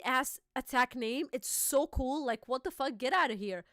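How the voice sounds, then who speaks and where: Excitable girl hosting a reaction chat, high voice, swears a lot, dry sound. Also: normal speed, hardly any pauses, no echo. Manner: excitable, swears freely, laughs often. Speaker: host.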